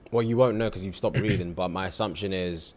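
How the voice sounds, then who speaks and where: Deep-voiced laid-back podcast co-host. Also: male voice, a little fast, darkish tone. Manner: laid-back listener, mostly short backchannels. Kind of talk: casual chat.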